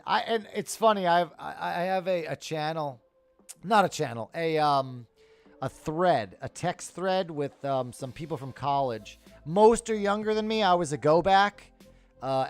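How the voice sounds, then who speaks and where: A man in his thirties talks through a live market stream in a loose, tired way. He swears freely and works himself up into heated rants. His voice sits a little high, with faint music playing underneath. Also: smooth. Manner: profane, ranting, animated. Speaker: livestream stock trading host. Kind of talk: casual live market commentary.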